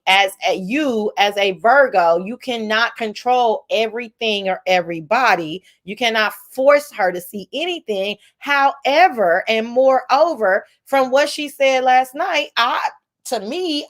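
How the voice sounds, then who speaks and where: A woman's voice: on the high side, animated, measured pace, a bit bright. A woman hosting a casual online chat show, talking in a sarcastic, blunt and profane way. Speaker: show host.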